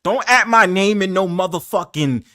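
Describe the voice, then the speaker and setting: A man's voice: high voice, normal speed, pushed and bright, no room sound, studio quality. Exasperated man ranting on a live chat. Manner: exasperated, profane, repeats himself. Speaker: host. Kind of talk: heated casual chat.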